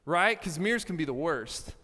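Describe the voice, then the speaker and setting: A young man giving a youth camp sermon, telling stories with playful asides and lively energy. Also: on the high side, moderate pace, big-room sound. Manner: animated storytelling with playful asides. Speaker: youth pastor. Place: large hall with a live audience.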